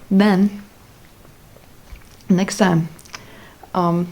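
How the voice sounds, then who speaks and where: A woman's voice: mid-range voice, level tone, a little slow, darkish tone. Chatty young woman telling a story. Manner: chatty, with many fillers and asides. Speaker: vlogger. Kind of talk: casual storytime.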